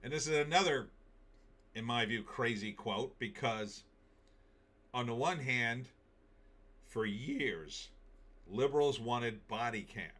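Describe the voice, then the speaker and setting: A man delivers a political commentary monologue in a bright, forceful voice. He talks at a middling pitch, opinionated and emphatic, and stops now and then to read out viewer comments. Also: lively intonation, slow, pauses often. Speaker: commentary show host.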